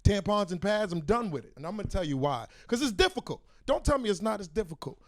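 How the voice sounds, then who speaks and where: A male stand-up comedian on a club stage, telling animated stories straight to the crowd through a handheld mic. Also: sits high, quick pace. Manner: boisterous, animated storytelling, direct to the crowd.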